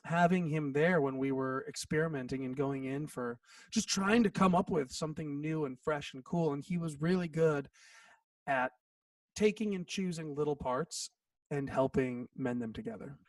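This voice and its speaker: A man's voice: a little high, moderate pace, no echo, distant mic. A man in his thirties, a songwriter guest, telling a story in a casual interview, acting out quotes and saying "like" a lot. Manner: animated, acts out quotes, says "like" often.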